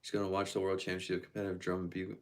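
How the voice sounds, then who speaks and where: A man's voice: sits low, monotone, very fast. A man casually chatting on a live stream, reading out viewer comments and answering them in a laid-back, slangy way.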